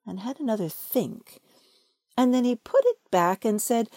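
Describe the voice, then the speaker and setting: A woman reading a children's story aloud, gentle and expressive. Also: on the high side, a little slow, no echo, studio quality. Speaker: storybook reader.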